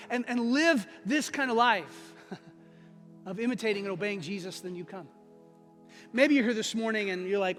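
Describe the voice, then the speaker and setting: Male pastor, very high voice, lively storyteller who acts out the people he quotes, long church-hall reverb. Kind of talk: sermon with personal storytelling. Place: church sanctuary.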